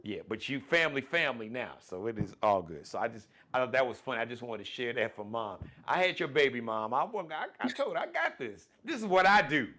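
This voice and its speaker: A man hosts his own live-streamed talk show in a folksy, animated style packed with shout-outs and plugs. His voice is mid-range, and he talks fast with few pauses.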